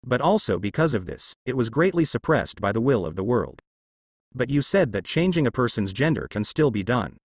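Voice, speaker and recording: A man's voice: medium pitch, big pitch swings, moderate pace, husky, no echo, studio quality. A man voicing a worried, helpful round robot cat in a storybook narration, matter-of-fact and slightly puzzled.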